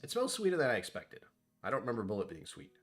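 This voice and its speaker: A man's voice: medium pitch, huge pitch swings, quick pace, soft background music. A man hosting a casual whiskey tasting vlog, rambling and self-deprecating as he thinks aloud about what he smells and tastes. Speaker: whiskey reviewer.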